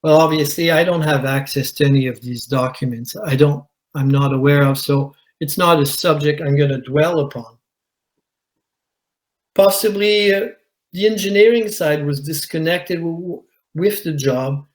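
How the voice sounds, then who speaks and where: A man, a commercial diver, telling his own story at a conference in a measured way, with pauses. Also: on the high side, low-quality recording. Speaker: commercial diver giving a talk. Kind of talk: conference presentation, personal account. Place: conference hall.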